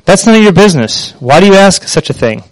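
A man's voice: a little high, normal speed, smooth, dry recording, lightly acted, poor audio. A man doing a stern tired father. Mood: angry. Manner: curt, scolding.

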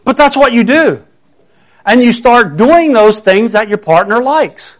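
A man's voice: extremely high pitch, animated, measured pace. A middle-aged man preaching a conversational sermon, earnest and full of rhetorical questions.

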